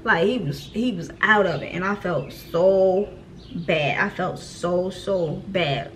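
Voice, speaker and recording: A young woman telling a storytime vlog in casual, slangy talk, acting out her own frantic shouts when she quotes herself. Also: lowish voice, slow, slight background noise. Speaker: vlogger.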